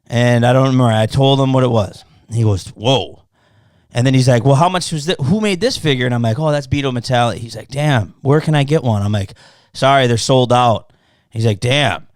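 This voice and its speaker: Brisk and medium-pitched, this male podcast host swears freely while telling a story, animatedly acting out both sides of an argument in casual conversation. It's studio quality with no echo.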